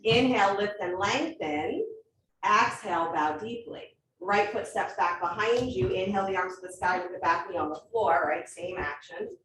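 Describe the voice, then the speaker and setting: A woman's voice: medium pitch, fairly bright tone, a little hiss or hum. Woman cueing a yoga class, echoey room. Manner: brisk cueing with frequent encouragement. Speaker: yoga teacher. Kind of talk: live yoga class instruction. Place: yoga studio. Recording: echoey room, mic far off.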